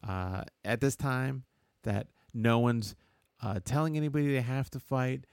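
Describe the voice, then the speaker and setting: A man co-hosting a casual sports chat, rambling and halting with lots of "uh"s and chuckles. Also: mid-range voice, a little mellow, clear, resonant tone, dry recording, clean studio sound. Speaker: podcast co-host.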